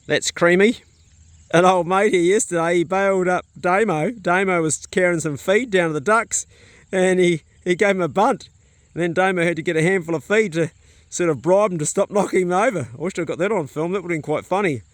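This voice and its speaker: A man's voice: high-pitched, a little fast, no room sound. A man with a New Zealand accent vlogging casually outdoors on his farm, chatting to the camera and talking to his dogs and animals. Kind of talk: casual farm vlog narration.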